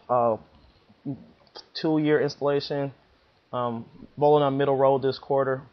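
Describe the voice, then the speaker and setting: A man doing a relaxed league bowler. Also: mid-range voice, lightly acted. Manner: relaxed, hesitant, casual. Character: laid-back male league bowler. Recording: dull lo-fi recording.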